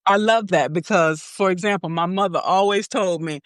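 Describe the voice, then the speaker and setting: A woman's voice: on the low side, normal speed, dry recording, clean studio sound. A woman hosting a podcast interview in casual chat, checking in with her guest with a frequent "okay?" as she explains. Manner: peppers talk with "okay?". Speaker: podcast host.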